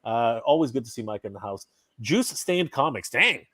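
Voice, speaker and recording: A Canadian man hosting a live stream in casual chat, reading out viewer comments and giving upbeat shout-outs. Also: medium pitch, animated, moderate pace, no room sound.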